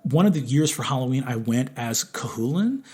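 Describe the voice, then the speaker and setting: A man from the United States telling stories in casual chat, animated, acting out the people he quotes. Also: fairly quick, slightly rough. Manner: animated, acts out quotes with big pitch jumps. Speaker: storyteller in interviews. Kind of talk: casual anecdotal storytelling.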